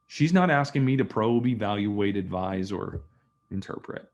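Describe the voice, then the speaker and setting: The recording is muffled, capturing a man with a lowish, darkish voice who speaks expressively at normal speed. He's a communication skills trainer giving an online training on listening over a video call mic, chatting conversationally and performing the dialogue in his stories.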